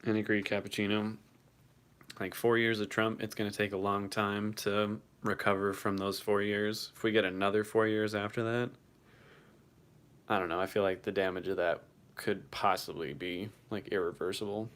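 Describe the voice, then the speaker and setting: A man's voice: fairly low pitch, little pitch movement, normal speed, a bit bright, clear, resonant tone. A young man hosting his first livestream, reading chat and reacting casually, swearing now and then, his voice shaking from the cold.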